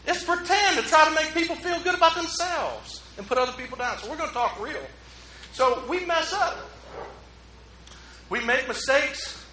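A man preaching a relaxed, conversational sermon as pastor, joking at his own expense and drawing in the congregation. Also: extremely high pitch, moderate pace, a little hiss or hum. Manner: joking, self-mocking, talks with the congregation. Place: church. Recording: roomy hall echo.

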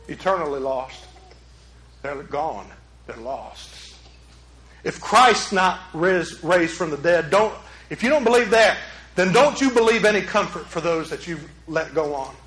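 A man preaching a sermon as a pastor, swinging from loud urgent peaks to hushed low passages. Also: echoey room, rough recording.

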